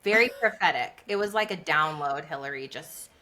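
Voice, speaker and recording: A woman guest on a podcast, a business coach, telling her story in a lively conversational way and acting out what people said. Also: on the low side, brisk, few pauses. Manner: animated, laughs often, acts out quotes.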